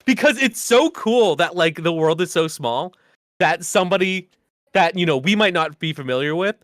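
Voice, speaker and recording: A middle-aged man co-hosting a podcast, excitable and quick to laugh, with lots of fillers. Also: a little high, no echo, studio quality. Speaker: podcast co-host. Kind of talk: casual chat.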